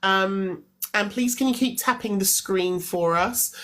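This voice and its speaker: A woman of medium pitch hosting a live call-in stream. She sounds friendly but organised and keeps the conversation moving. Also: unhurried, fairly bright tone, rough recording.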